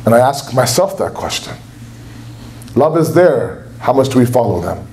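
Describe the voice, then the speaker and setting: Speaking to a religious gathering in a lecture hall, this young man preaches with passion, acting out quotations loudly. His medium-pitched voice is very animated and a little mellow, at a moderate pace, over slight background noise.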